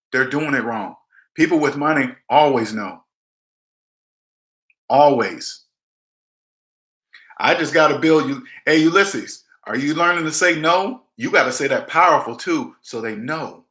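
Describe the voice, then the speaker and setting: A man's voice: fairly high pitch, expressive, moderate pace, pushed and bright. Blunt, emphatic man in an echoey room. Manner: emphatic, blunt, repeats himself, acts out quoted people. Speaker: debt advice vlogger. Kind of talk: casual live-stream advice talk.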